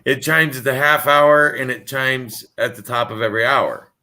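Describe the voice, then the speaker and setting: Bright-voiced man telling a family story. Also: medium pitch. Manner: halting, repeats words when starting. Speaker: caller sharing a story. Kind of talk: casual storytelling.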